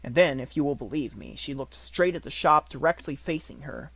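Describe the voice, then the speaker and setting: A man reading an unabridged audiobook in a measured storytelling manner, slowing on descriptive words. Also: fairly high pitch, bright, forceful tone, dry recording. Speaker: audiobook reader.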